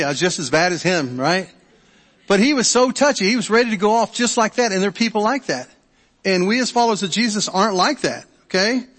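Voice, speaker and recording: A man's voice: sits high, fairly bright tone. A middle-aged male pastor preaching a sermon in a conversational way, often repeating words and checking in with the congregation. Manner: conversational, repeats words and restarts, asks the audience. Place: church sanctuary. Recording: long hall reverb.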